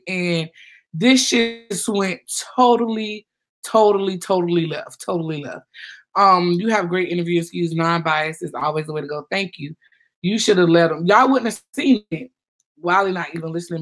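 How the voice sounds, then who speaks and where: A woman's voice: on the low side, fairly bright tone. A woman hosting a casual livestream, rambling and chatty as she reads out viewers' comments. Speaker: livestream host.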